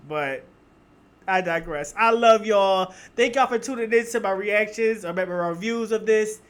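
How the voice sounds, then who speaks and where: Male reaction vlogger, Philly accent, light high voice, chatty and emphatic. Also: expressive, normal speed, a bit bright. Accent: Philadelphia. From Philadelphia. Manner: chatty and emphatic, addressing viewers as y'all. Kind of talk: casual reaction review.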